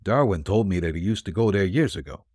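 A man's voice: low-pitched, lively intonation, quick pace, a little mellow, husky, dry recording, studio quality. A man voicing a sullen, grudging male crook in a detective story reading.

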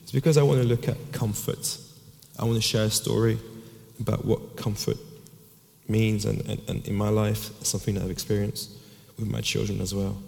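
A man's voice: fairly low pitch, little pitch movement, normal speed, gravelly, darkish tone, in a large hall. A man in his thirties preaching a sermon, telling a personal story earnestly and often restarting his words.

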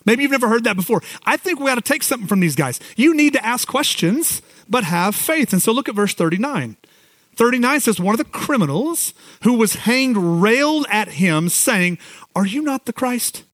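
Animated, high-voiced man preaching a sermon. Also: normal speed, dry recording. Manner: animated, conversational preaching with repeated "like" and "I just wonder". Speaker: pastor.

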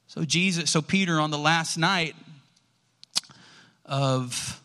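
A man preaching a sermon, telling a Bible story with lively, acted-out dialogue. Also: a little high, slow pace. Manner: animated storytelling, acts out quoted lines. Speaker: pastor.

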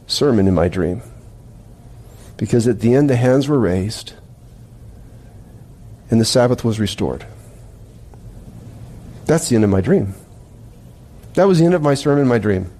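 A man preaching a sermon from the pulpit of a church. His voice is warm and mellow and sits a little high. He slows down and leans on key phrases as he retells scripture to his congregation. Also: expressive. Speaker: pastor. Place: church sanctuary.

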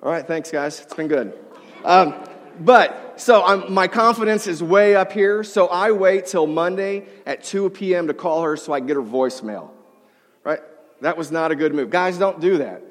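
A man's voice: high-pitched, moderate pace. A middle-aged male pastor telling a humorous, self-deprecating story in a sermon to a live audience. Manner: self-deprecating, humorous, acts out quoted voices. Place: large hall before a live audience. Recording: long hall reverb.

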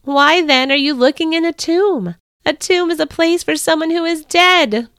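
A woman voicing a radiant, joyful male angel, speaking gently and slowly in a lifted voice. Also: very high-pitched, dry recording, clean studio sound, voice pushed up. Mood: gentle.

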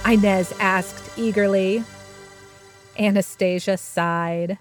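A woman narrating a children's story she wrote, slow and expressive, recorded close and dry. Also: medium pitch, faint music behind. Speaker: storyteller and author.

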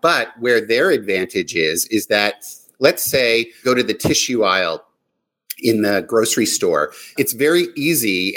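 A man in a casual panel discussion, explaining business ideas in a measured way. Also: on the low side, fairly bright tone, poor audio.

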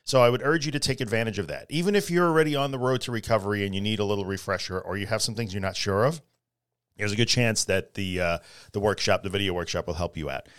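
A man's voice: lowish voice, quick pace, a bit bright, smooth, no echo, clean studio sound. A middle-aged man hosting a solo podcast, talking casually but earnestly and repeating his key phrases for emphasis. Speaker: podcast host.

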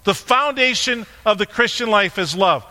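Male pastor, high bright voice, chatty sermon with asides to a helper, long hall reverb. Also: expressive, moderate pace. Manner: conversational, joking aside with a helper on stage. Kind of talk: sermon with props. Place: church sanctuary.

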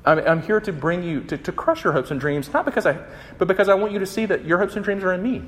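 A young man giving a conversational, animated sermon, acting out the quotes. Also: sits high, fast talker. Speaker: campus minister. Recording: long hall reverb.

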